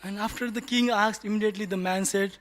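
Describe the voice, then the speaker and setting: A man speaking at a devotee class, telling a story with animated delivery and frequent laughter. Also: high-pitched, quick pace. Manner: laughs often, animated, restarts words. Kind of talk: storytelling talk. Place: temple class room.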